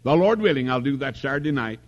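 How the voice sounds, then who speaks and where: A man's voice: mid-range voice, animated, fast talker, highs cut off. An older man preaching a revival sermon in a tabernacle, folksy and storytelling, calling for amens.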